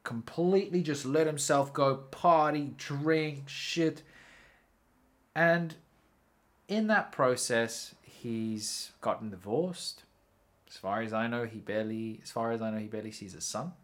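A man's voice: medium pitch, measured pace, fairly bright tone. Man rambling through a casual podcast story. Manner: rambling storytelling, casual swearing, frequent self-corrections. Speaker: podcast host. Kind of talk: casual solo podcast monologue.

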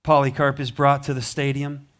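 A man's voice: mid-range voice, flat delivery, normal speed. A man preaching a sermon in a church, telling a story with rising, emphatic passion. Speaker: pastor. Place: church sanctuary.

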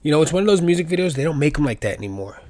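A man's voice: fairly high pitch, big pitch swings, very fast, a little mellow. A young man hosting a podcast, talking in a loose, rambling and profane monologue full of jokey asides. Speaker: podcast host.

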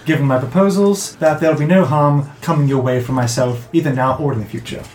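A man's voice: fairly high pitch, brisk, a little mellow, reverberant, a little hiss or hum, natural voice. A man voicing an elderly woman crime matriarch who speaks in a genteel, icily polite way.

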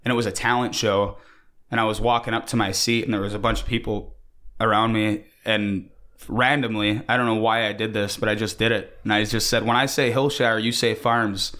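A man's voice: on the low side, flat delivery, fairly quick, bright, forceful tone. A young man chatting casually and upbeat, recalling school days. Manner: upbeat, laughs easily. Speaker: guest. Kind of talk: casual chat.

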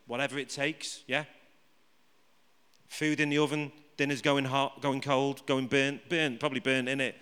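A man's voice: medium pitch, level tone, normal speed, a bit bright, clear, resonant tone. A man preaching a live sermon to a congregation. He jokes with the room and keeps asking it rhetorical questions. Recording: reverberant hall.

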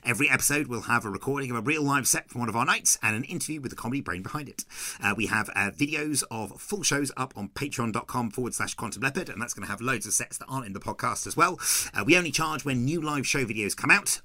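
A man hosting a comedy podcast, reading a friendly scripted intro at a brisk clip with a few "uh"s along the way. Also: medium pitch, sharp tone, dry recording. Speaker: podcast host and MC.

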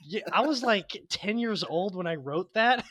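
High-pitched and a bit bright, his voice moves a little slowly with lively intonation, recorded without echo. The man co-hosts a podcast, giggling and rambling through stories in casual chat and laughing a lot.

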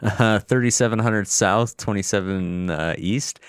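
A man's voice: on the low side, clear, resonant tone, dry recording, studio quality. Brash, profane man in sports chat. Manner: brash, profane, quick rambling. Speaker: podcast co-host.

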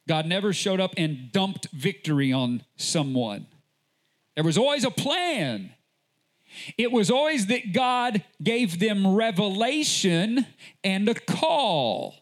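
A man pastor delivering a sermon at an unhurried pace. His voice sits high and climbs higher when he presses a point. He drives his message home with repeated rhetorical questions. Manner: slow, deliberate delivery with sudden rises in pitch.

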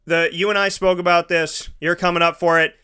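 A man's voice: on the high side, little pitch movement, brisk, sharp tone, clean tone. A man hosting a casual interview, talking enthusiastically and rambling with restarts. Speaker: host.

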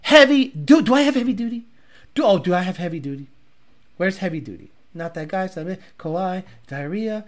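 A man's voice: high voice, lively intonation, a little fast. A man hosting a live stream in crude, rambling, profane chat. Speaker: livestream host.

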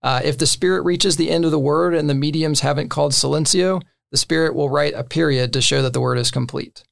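Guy w a kinda gravelly voice going over board game rules, lots of uhs, laid back. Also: a little high, quick pace. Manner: relaxed, filler-heavy, laughs between points. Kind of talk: casual rules explanation.

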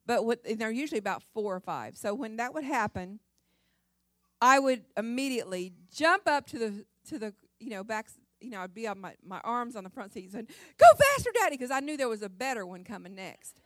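A woman's voice: on the high side, a little fast, no room sound, clean studio sound. Folksy woman telling a church testimony. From Ohio, USA. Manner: folksy storytelling, chatty and lively, with many restarts. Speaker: guest speaker at a church service. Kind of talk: personal testimony sermon.

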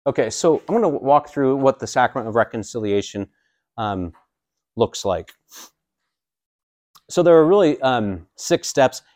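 A man's voice: mid-range voice, expressive, a little slow, pauses often, darkish tone, no room sound. A man in his forties, a priest, teaching a catechism class in a casual, joking way with many fillers. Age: 40s.

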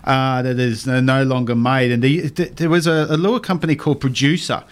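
An Australian man hosting a radio fishing show, chatty and enthusiastic and quick to laugh. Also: medium pitch, fairly even intonation, clean tone. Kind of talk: casual radio chat.

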